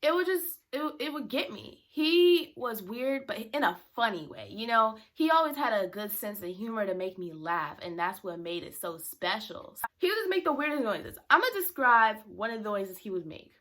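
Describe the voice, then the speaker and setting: Young woman vlogger, bright tone, lively storyteller who acts out the voices. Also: fairly high pitch, moderate pace, few pauses. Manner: chatty, animated, acts out quoted voices. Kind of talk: storytime vlog.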